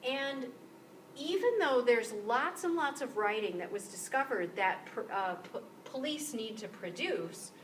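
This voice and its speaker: A woman instructor giving a recorded lecture, explaining clearly and slowing down to model example sentences. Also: a little high, lively intonation, a little hiss or hum, poor audio. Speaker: university instructor. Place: room with motion-sensor lights.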